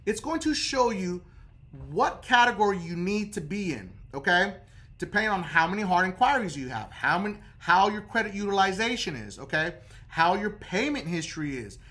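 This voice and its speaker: A man's voice: high voice, a bit bright. A man explaining credit repair steps in a casual, direct how-to talk. He keeps checking in with the listener, dropping "okay?" after nearly every point.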